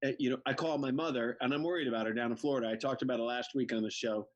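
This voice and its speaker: A man's voice: mid-range voice, racing, dull audio. A man from Connecticut telling funny family stories on a video call, full of quoted voices. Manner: animated anecdotes, playful mother impressions. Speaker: comedian.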